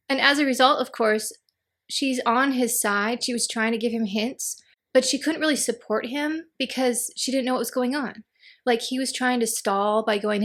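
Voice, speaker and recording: A woman giving a casual, animated spoken review of a TV episode, acting out the characters' lines as she retells scenes. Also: a little high, moderate pace.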